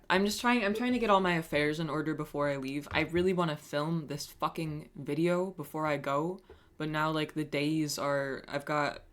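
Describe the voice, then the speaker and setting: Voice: medium pitch, fairly bright tone. A streamer chatting casually on a live stream, reading chat messages aloud and answering them with wry, self-mocking humor and frequent swearing.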